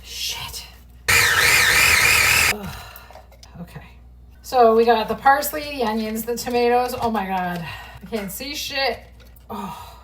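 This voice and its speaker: A woman's voice: fairly high pitch, a little slow, distant mic. Chatty woman cooking at home. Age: middle-aged. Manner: chatty, swearing freely, talking to camera while cooking. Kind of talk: casual kitchen vlog chat. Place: home kitchen. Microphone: phone on a tripod. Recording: phone mic from across the kitchen with background noise.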